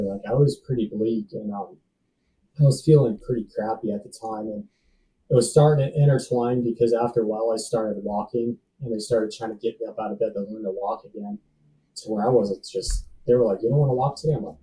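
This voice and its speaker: A man's voice: on the low side, fairly quick, mellow, recorded from a distance, a little hiss or hum, rough recording. A man in his thirties, a podcast guest, telling a personal story in a laid-back, slangy way full of dude and bro. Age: 30s. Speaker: podcast guest, safety professional.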